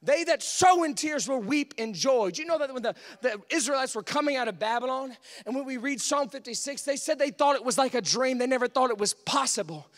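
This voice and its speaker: Brief: male Pentecostal preacher, very high and bright-toned, impassioned delivery that climbs to shouts. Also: fast, few pauses. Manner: impassioned, building from hushed pleading to shouts. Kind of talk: Pentecostal sermon. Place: church sanctuary.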